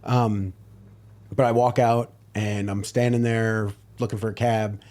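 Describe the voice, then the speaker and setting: A man's voice: lowish voice, flat delivery, unhurried, darkish tone. A male stand-up comedian chatting as a podcast guest, rambling through anecdotes with restarts. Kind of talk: casual chat.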